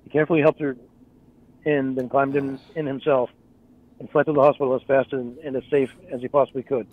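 Man reading fast over a tinny line. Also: mid-range voice, flat delivery. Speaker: co-host reading the story aloud. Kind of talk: reading a story aloud.

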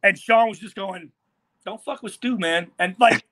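Animated, profane ex-player telling stories. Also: male voice, high voice, normal speed, dry recording. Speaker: former NFL player guest. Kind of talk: casual storytelling chat. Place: hotel room.

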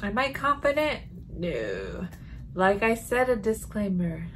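In a home room, a woman reviews candles for a chatty vlog, sniffing each one and reacting animatedly. Her voice is medium-pitched and slow, with a little hiss or hum in the recording.

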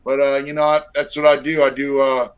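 This guest, a middle-aged man on a casual storytelling video call interview, delivers his tales flatly and a little fast in a clear, resonant, mid-range voice. His style is laid-back, blunt, and profane with lots of fillers, and the recording is dull lo-fi.

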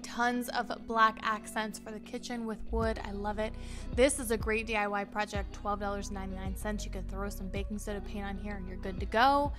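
A woman's voice: medium pitch, fairly even intonation, a little fast, over music. A young woman vlogger gushing with enthusiasm as she narrates a home decor shopping haul in a voiceover. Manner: enthusiastic, gushing over finds.

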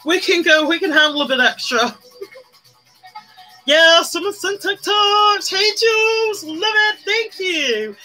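A woman's voice: very high voice, expressive, slow pace, sharp tone, soft background music, rough recording. A woman chatting casually on a makeup live stream, greeting viewers by name and bursting into little sung bits. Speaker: livestreamer doing makeup.

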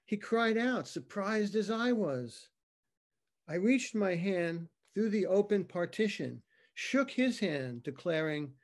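A man reading his own narrative poem, slow and dramatic, over a video call. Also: high-pitched, lively intonation, a little mellow. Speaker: poet reading his work. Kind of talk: poetry reading.

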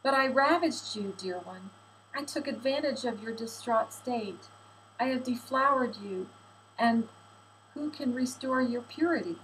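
A woman's voice: on the high side, a little slow, fairly bright tone, a little hiss or hum, rough recording. A woman voicing a young man racked with guilt, speaking earnestly and pleading for forgiveness. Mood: remorseful.

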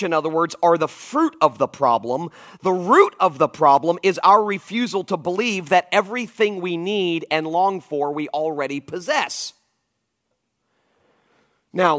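A man in his forties preaching a conference sermon, telling stories in an animated, emphatic way with frequent asides to the audience. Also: fairly high pitch. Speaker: pastor. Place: church auditorium.

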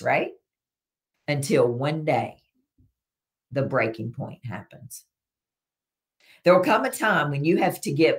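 A middle-aged woman hosting a wellness live stream, talking earnestly and dropping her voice on key points. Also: sits low. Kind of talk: live-stream chat, reading viewer comments.

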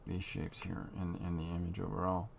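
A man talking through a drawing tutorial as he works, unhurried and halting, thinking aloud. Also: sits low, flat delivery, vocal fry, a little hiss or hum. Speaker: comic artist drawing on camera.

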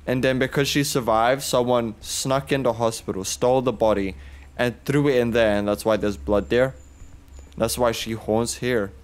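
A man's voice: mid-range voice, fairly even intonation, moderate pace, clear, resonant tone. A young man doing casual let's-play commentary, joking and rambling and swearing freely. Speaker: gaming YouTuber.

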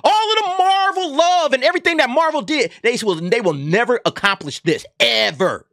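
A man's voice: very high voice, big pitch swings, brisk, a bit bright, dry recording, studio quality. A man hosting a commentary channel, ranting in a sarcastic, emphatic way and tagging his points with "okay?". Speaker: YouTube commentary host. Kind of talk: heated opinion rant.

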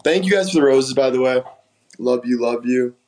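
A man's voice: mid-range voice, moderate pace, darkish tone, slight background noise, rough recording. A young man hosting a live stream, telling candid, rambling stories and answering viewer comments. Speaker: livestream host. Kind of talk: casual livestream chat.

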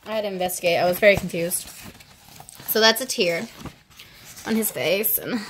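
A young woman vlogging as she unboxes an album, chatting casually and excitably, gasping, giggling and now and then dropping to a hushed whisper. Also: mid-range voice, normal speed, slight background noise. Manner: excitable, gushing, with gasps, giggles and squeals; drops to hushed whispers at times.

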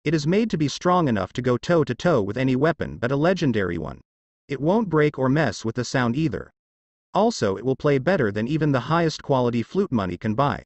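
A man's voice: medium pitch, sing-song, a little fast, a little mellow, dry recording, dull audio. A man voicing an earnest young male ninja clan heir in a plain, matter-of-fact storybook reading.

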